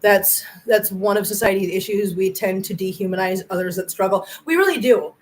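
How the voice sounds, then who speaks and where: Reading out viewer comments on her cat channel's casual livestream, this middle-aged host talks briskly at a medium pitch. The recording quality is low. She comes across as earnest and effusive, getting emotional whenever she compliments the people watching.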